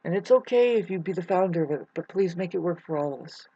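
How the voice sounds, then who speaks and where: A woman's voice: on the low side, expressive, fast, warm tone, husky, no room sound. A woman vlogger rambling through a searching spiritual monologue, speaking straight to the viewer and calling them "babes". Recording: muffled lo-fi audio.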